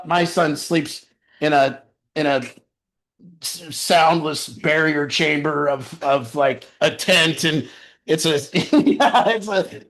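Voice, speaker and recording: A man's voice: fairly high pitch, fairly bright tone. A man telling a personal story in a casual, rambling way. He often restarts his sentences and laughs as he talks. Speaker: storyteller sharing a personal account.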